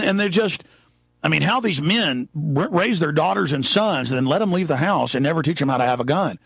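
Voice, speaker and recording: Heated talk radio host, dry lo-fi sound. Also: male voice, fairly high pitch, lively intonation, vocal fry, fairly bright tone, husky, no echo. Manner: fast, heated ranting with dramatized quotes. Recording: dull lo-fi broadcast audio.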